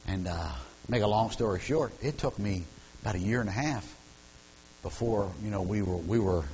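A man's voice: lowish voice, a little mellow, a little hiss or hum, low-quality recording. A middle-aged man preaching a sermon. He tells folksy, humorous stories and repeats words as he builds up steam. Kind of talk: sermon with personal storytelling.

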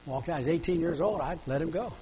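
A man's voice: a little high, quick pace, dark tone, big-room sound, a little hiss or hum, poor audio. A middle-aged male pastor preaching a sermon in a fervent, pleading manner.

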